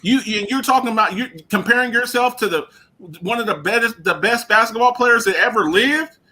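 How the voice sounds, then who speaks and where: A man's voice: very high-pitched, normal speed, bright, forceful tone. A man co-hosting a radio show, talking sports in a casual, emphatic way, often repeating himself and laughing.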